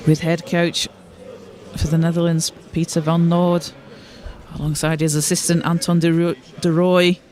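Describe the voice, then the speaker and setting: A male play-by-play commentator calls a basketball game live from courtside. His voice sits high for a man, and his delivery is steady and informative. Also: moderate pace. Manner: steady, informative, with occasional restarts.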